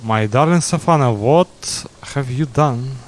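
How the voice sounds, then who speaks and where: A man's voice: mid-range voice, measured pace, lightly acted. A man reading out a heartbroken young male adventurer in a plain voice. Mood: pleading.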